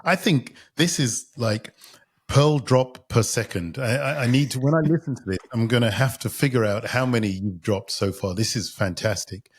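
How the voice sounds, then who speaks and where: A man's voice: medium pitch, normal speed, slightly rough. A man hosting a podcast interview, enthusiastic and restarting his sentences. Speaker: podcast host.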